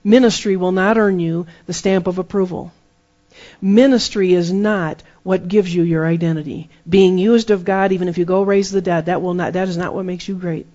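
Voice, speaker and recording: A man's voice: sits high, fairly even intonation, moderate pace, darkish tone. Emphatic male preacher, lo-fi sound. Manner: emphatic, repeats phrases for effect. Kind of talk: sermon. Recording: dull lo-fi sermon recording.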